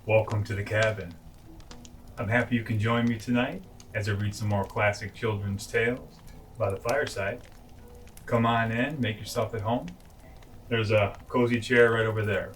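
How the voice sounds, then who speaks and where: A man reading classic children's stories aloud at bedtime, gentle and homely, with chatty asides. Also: lowish voice, steady tone, moderate pace, slight background noise, rough recording. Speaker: storyteller. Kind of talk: bedtime story read-aloud.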